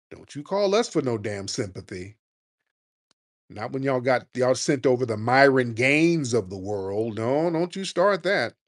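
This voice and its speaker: A man hosting a talk radio show, ranting in a combative, mocking, animated way. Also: mid-range voice, measured pace. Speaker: radio host.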